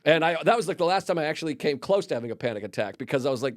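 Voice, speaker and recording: A man's voice: fairly high pitch, animated, very fast, dry recording, clean studio sound. Rambling storyteller man from Boston. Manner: rambling storyteller, swears freely. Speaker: comedian guest. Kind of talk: casual podcast chat.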